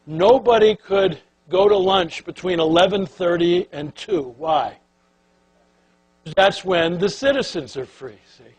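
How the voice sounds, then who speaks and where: Older male keynote speaker, husky and slightly high, animated storyteller who acts out the quotes; hum underneath. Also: a little slow, low-quality recording. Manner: animated anecdotes with acted-out quotes.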